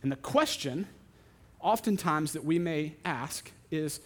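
A young adult man, a pastor, preaching a sermon and telling a story with lively, animated delivery. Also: fairly high pitch, slow. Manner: animated storytelling, acting out other voices.

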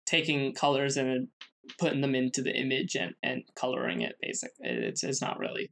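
A man's voice: mid-range voice, huge pitch swings, vocal fry, fairly bright tone. Hesitant man presenting a podcast segment. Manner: halting, many fillers and restarts. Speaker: podcast co-host. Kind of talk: casual chat, presenting a researched segment.

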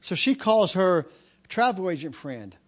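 Man preacher, slightly high voice, storytelling sermon, rising to fervent repeated lines. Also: big pitch swings, measured pace. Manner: storytelling, building to loud preaching cadence.

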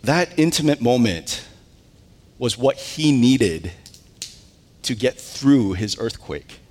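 Animated preaching man in a hall. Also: medium pitch, slow. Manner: animated storytelling with wails and laughs. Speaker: pastor. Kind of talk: sermon. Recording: long hall reverb.

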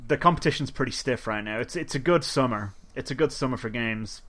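A man's voice: mid-range voice, brisk, a bit bright. A married man co-hosting a casual gaming podcast, rambling, swearing and laughing often. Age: adult, married. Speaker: podcast co-host. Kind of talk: casual chat.

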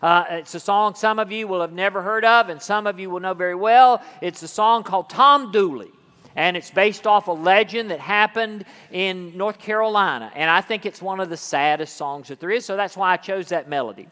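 A man's voice: high-pitched, normal speed, sharp tone, clear, resonant tone. A man preaching as pastor, reading scripture with drama and leading his congregation through a song. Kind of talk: sermon. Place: church sanctuary. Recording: long hall reverb.

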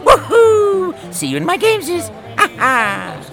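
A shrill, wildly bouncing cartoon plumber voice for a podcast skit. He gushes with exaggerated Italian-style catchphrases. Music plays clearly underneath. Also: wildly swooping pitch, slow, full character voice. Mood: giddy. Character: hyper-excited cartoonish game plumber mascot. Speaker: podcast co-host. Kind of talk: comedy skit.

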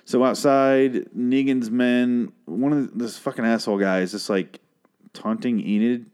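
A man's voice: medium pitch, steady tone, unhurried, a little mellow, clear, resonant tone. A man giving a casual, rambling recap of a TV episode, swearing freely and often trailing off or restarting with a sardonic edge. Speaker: show recap podcaster.

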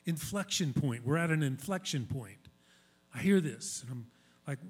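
A man's voice: fairly high pitch, brisk, a little mellow. A male pastor giving a sermon in a conversational, emphatic style, repeating key phrases for weight.

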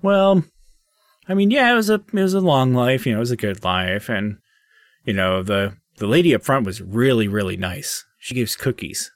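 A man's voice: big pitch swings, moderate pace, no room sound, clean studio sound. A man voicing an elderly male gnome spirit who rambles fondly about his long life. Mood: wistful. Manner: high, rambling and wistful.

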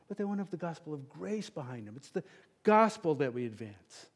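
A middle-aged man preaching a sermon in a church, passionate and emphatic, with sudden loud peaks and then a soft, quiet prayer. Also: a little high, lively intonation, normal speed. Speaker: pastor.

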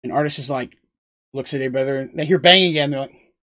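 A man's voice: medium pitch, quick pace, bright, forceful tone. A man narrating a tabletop role-playing game as game master, in a loose, rambling way with frequent asides.

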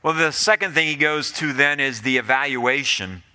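Pastor guy mid sermon, earnest and pleading, keeps repeating himself, bright voice. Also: mid-range voice, normal speed, clear, resonant tone. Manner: earnest preaching, repeats phrases, pleading exhortations.

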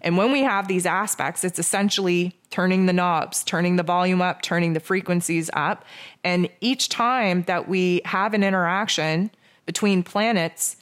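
A woman's voice: lowish voice, a bit bright. A woman giving an astrology forecast in a loose, casual monologue, often sarcastic and mocking herself, stringing together lists of near-synonyms.

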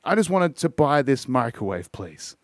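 A man's voice: medium pitch, very animated, moderate pace, no room sound, clean studio sound. An Australian man telling a rambling, profane story in a casual podcast chat. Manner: profane, rambling, self-interrupting. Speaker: podcast host.

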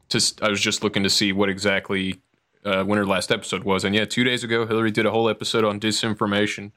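A man's voice: fairly low pitch, pushed and bright, slight background noise. A man hosting a podcast, chatting casually and agreeing easily with his guest. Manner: laughing, agreeable listener. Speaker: podcast host. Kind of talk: casual chat.

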